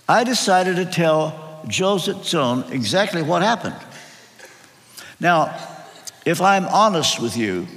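An older man preaching a sermon as a pastor, telling a personal story earnestly with emphatic pauses and repetitions. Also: on the high side, a bit bright. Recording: long reverb of a large hall.

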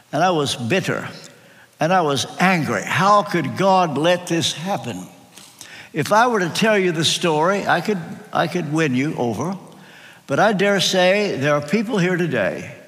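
An older male pastor delivers a sermon in an earnest storytelling way, leaning on pauses and repeated phrases. He talks slowly, with a lively voice that rises and falls widely and sits a little high. His words ring out with a long reverb in a large church hall.

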